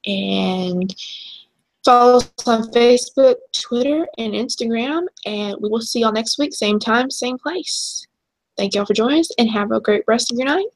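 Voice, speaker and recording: A young woman co-hosting a casual chat show, chatty and quick to laugh. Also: on the high side. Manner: chatty, laughs easily, trails off and restarts. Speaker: podcast co-host.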